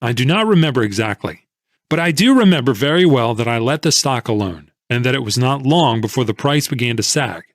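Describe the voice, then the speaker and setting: Expressive male audiobook narrator. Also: mid-range voice, fairly quick, no room sound, studio quality. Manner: storytelling, first-person, expressive.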